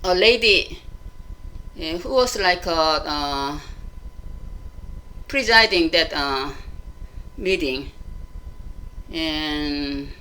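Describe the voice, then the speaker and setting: A woman talking in a casual spoken monologue, halting with many fillers and restarts, frank and emotional as she recounts things. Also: low voice, pushed and bright, low-quality recording. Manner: frank and emotional when retelling. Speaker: vlogger.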